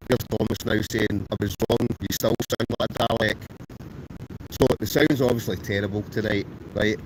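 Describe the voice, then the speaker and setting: Sheltering in a tent outdoors as a storm rages, a Scottish wild camper runs a casual live stream, cheerfully reading comments and welcoming viewers by name. He speaks at normal speed with a fairly low pitch and fairly even intonation. The gale howls against the tent, with roaring wind and garbled, robotic audio.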